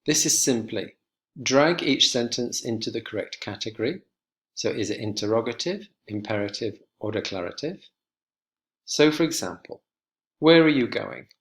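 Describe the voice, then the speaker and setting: Male English teacher, mid-pitched voice, slow clear instructional delivery for a recorded lesson. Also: a bit bright. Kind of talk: recorded online lesson walkthrough.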